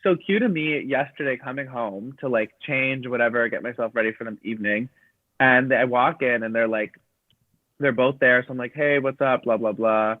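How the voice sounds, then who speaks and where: A man's voice: mid-range voice, moderate pace, dry recording. A man, a comedian guest, telling a rambling, profane story in casual chat and quoting people as he goes. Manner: rambling, profane, quotes others in dialogue. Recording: dry tinny phone-like sound.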